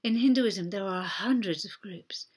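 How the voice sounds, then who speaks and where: A woman preaching a sermon in a gentle, conversational way, often dropping her voice almost to a whisper. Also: medium pitch, a little slow, slightly rough.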